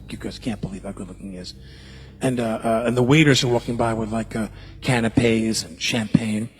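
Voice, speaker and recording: A man telling a lively anecdote on a talk show. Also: medium pitch, slight background noise. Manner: animated storyteller.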